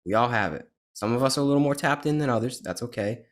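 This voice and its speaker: A man's voice: medium pitch, expressive, fast talker. A man hosting a podcast, talking in an earnest, emphatic way in a casual conversation. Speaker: podcast host.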